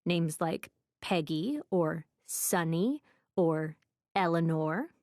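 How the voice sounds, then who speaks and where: A woman voicing a kindly, matter-of-fact old woman psychic in an audiobook, speaking slowly and soothingly. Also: on the low side, lively intonation, darkish tone, no echo, studio quality, voice pushed down. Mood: coaxing. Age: older. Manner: slow, soothing, motherly, calls everyone dear.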